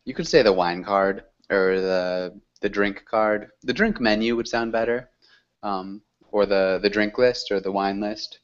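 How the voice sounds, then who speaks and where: A man teaching an English class, correcting students gently and praising them. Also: on the low side, unhurried, highs cut off.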